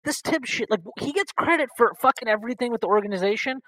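A man co-hosting a podcast in casual sports chat, blunt and animated, swearing freely. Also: very high-pitched, quick pace, dry recording, rough recording. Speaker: podcast co-host.

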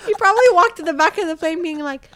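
A woman in a casual chat, adding short reactions and quick asides. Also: very high voice, a bit bright, slight background noise.

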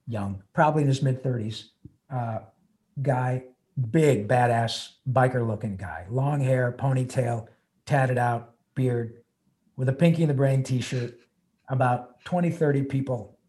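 A man's voice: mid-range voice, a little mellow. Earnest older man telling a story. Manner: earnest, emotional, rambling with restarts. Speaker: guest voice actor. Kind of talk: interview storytelling.

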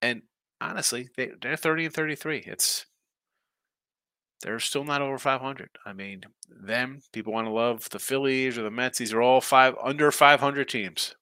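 A man hosts a casual live stream of sports picks, wandering from one game to the next and answering chat as he goes. His voice is bright and forceful at an average pitch. The sound is dry and close, with no room around it. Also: moderate pace, smooth, no room sound. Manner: rambling, thinking aloud, reacting to chat comments. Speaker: sports betting picks host.

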